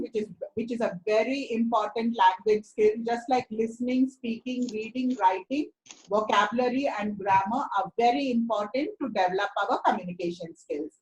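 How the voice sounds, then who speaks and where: A woman's voice: a little high, moderate pace, a little mellow, poor audio. A woman teacher, giving encouraging, explanatory feedback to a student in an online seminar. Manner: encouraging, explanatory, repeats words for emphasis. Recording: faint background noise.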